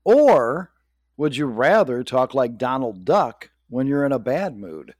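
A man's voice: mid-range voice, big pitch swings, slow pace, darkish tone, no echo. Laid back guy on a podcast, voice bounces around a lot, dry close mic. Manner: easygoing, asks playful questions, laughs often. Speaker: podcast co-host. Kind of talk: casual chat.

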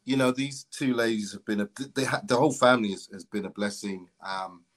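A man with a lowish voice joins a livestream as a guest. He speaks haltingly, repeating words and filling pauses as he goes. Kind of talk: casual conversation on a stream.

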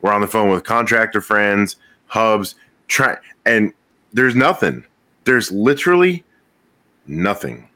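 A man with a low but sharply bright voice recounts events bluntly in casual chat and swears here and there. He tells it step by step. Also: lively intonation, takes it slowly, pauses often.

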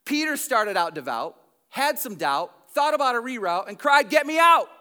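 A man who is a pastor, preaching a sermon in a church with dynamic delivery that swings from loud to hushed. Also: high-pitched, sing-song, moderate pace.

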